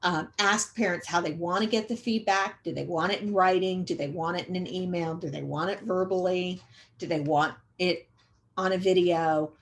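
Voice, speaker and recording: A middle-aged woman giving a conversational training lecture to educators, repeating key points for emphasis and often pausing on "um". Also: on the low side, steady tone. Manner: conversational, repetitive emphasis, frequent um fillers. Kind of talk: recorded training webinar lecture.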